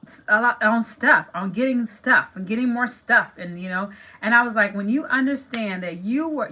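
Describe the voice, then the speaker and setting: A woman's voice: medium pitch, bright, forceful tone, poor audio. A middle-aged woman hosting a manifestation channel, talking casually and emphatically to viewers, repeating phrases and calling them "you guys". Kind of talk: casual talk to camera.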